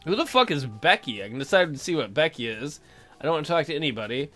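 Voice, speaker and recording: A man giving casual let's-play commentary, with swearing banter and sudden loud exclamations. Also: on the high side, very animated, fast talker, soft background music.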